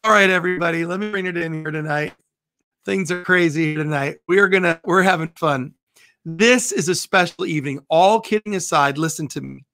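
A man hosting a livestreamed show as a bishop, loud and animated, joking and breaking off mid-sentence. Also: a little high, fairly quick. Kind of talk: livestream prayer and chat.

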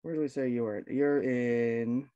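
A man's voice: medium pitch, steady tone, unhurried, dark tone, smooth, highs cut off. A friendly, informal man hosting an online gathering over a video call. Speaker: event host.

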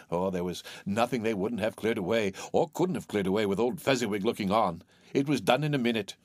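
A man reading a classic novel aloud as an audiobook narrator, in an animated, theatrical way. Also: lowish voice, a little fast, no echo, clean studio sound.

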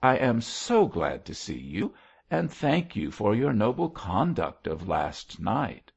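A man's voice: on the low side, big pitch swings, slow, creaky, breathy edge, full character voice. A man reading an audiobook voices an outspoken little old woman, tart and blunt. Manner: tart, speaks her mind. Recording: dull lo-fi audio.

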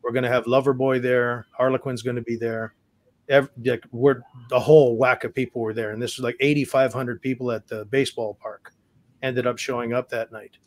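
A man from Saskatchewan, a guest musician telling stories in a casual interview, earnest and halting, often restarting and repeating words. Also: mid-range voice, level tone, no room sound. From Saskatchewan, Canada.

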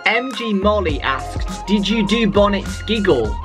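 A man's voice: high-pitched, animated, a little slow, fairly bright tone. Jokey male host with music behind. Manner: jokey and easygoing. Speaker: show host. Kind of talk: casual chat, reading viewer questions.

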